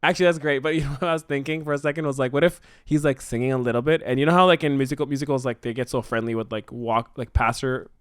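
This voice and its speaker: A man brainstorming a story in casual chat, excitedly acting out the characters' lines. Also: mid-range voice, rapid-fire, hardly any pauses, clear, resonant tone, no room sound, studio quality. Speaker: co-host writing a musical.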